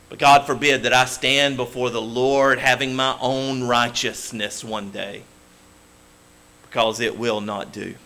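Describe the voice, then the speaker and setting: A man preaching a sermon as pastor, emphatic and swinging from loud declarations to hushed tones. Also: medium pitch.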